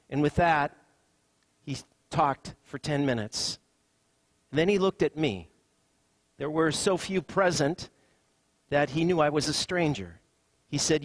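A man's voice: fairly high pitch, normal speed, no echo. A man preaching a sermon as a pastor, conversational and loose, with fillers and restarts.

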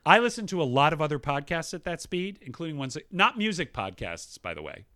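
Fast-talking guy in his 30s reading listener mail on a podcast, bright bouncy voice, pretty high, dry sound. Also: dry recording. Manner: quick-talking, animated, reads emails aloud with quips. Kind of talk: casual podcast chat.

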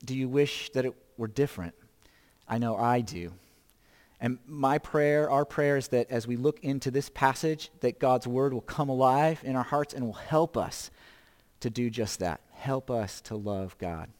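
A man in his fifties gives a sermon in a relaxed, conversational way, asking questions and making small jokes about himself. His voice sits at an ordinary middle pitch. The sound has a long reverb tail, as in a large hall. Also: unhurried. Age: 50s. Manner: conversational, self-deprecating humor, rhetorical questions. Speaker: pastor.

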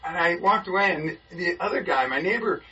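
A man with a bright, forceful voice tells a story to a group, slipping into the voices of the people in it. He sounds far from the mic, and the recording is a little muffled, with faint hiss behind him. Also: sits high, brisk. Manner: lively, acts out the people in his story. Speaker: Bible study group member. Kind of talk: animated storytelling in a group discussion.

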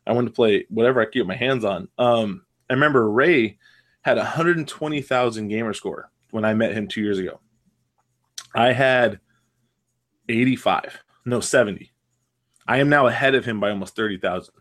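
Male podcast host, mid-range pitch, animated casual storyteller. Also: normal speed. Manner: animated storyteller, laughs often.

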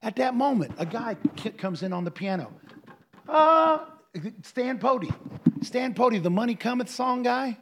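High-voiced pastor preaching animatedly. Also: male voice, moderate pace, slight background noise. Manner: animated preaching, with quoted voices and bursts of singing. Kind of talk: sermon with questions from the congregation.

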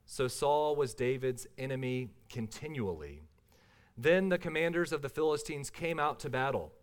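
A pastor reading a scripture passage aloud and then beginning his sermon, at a measured, deliberate pace. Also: mid-range voice, expressive.

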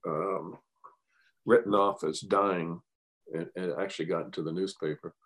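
A man's voice: low-pitched, fairly even intonation, moderate pace, a bit bright. An older man, a guest, telling a rambling, wry story in casual chat.

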